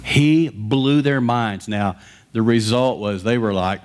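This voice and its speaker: A man preaching a sermon, with a conversational, animated storytelling manner. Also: mid-range voice, a little slow. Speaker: pastor.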